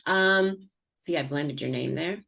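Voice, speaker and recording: A woman hosts a casual podcast, her voice sitting a little low but often leaping up with enthusiasm. She is encouraging and chatty, laughing easily with her guest. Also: a little slow, vocal fry, fairly bright tone. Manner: bubbly and encouraging, with pitch jumps and laughs. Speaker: podcast host. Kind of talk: casual interview conversation.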